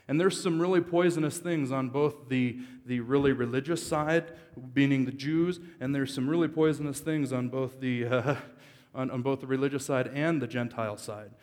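Pastor, male, mid-pitched, preaches casually with jokes and sudden loud emphasis; sanctuary echo. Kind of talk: sermon. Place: church service. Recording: long reverb of a large hall.

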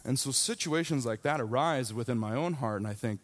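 A man's voice: medium pitch, brisk. Pastor, man in his thirties, delivers a sermon in a frank, chatty storytelling manner. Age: 30s. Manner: candid, conversational storytelling.

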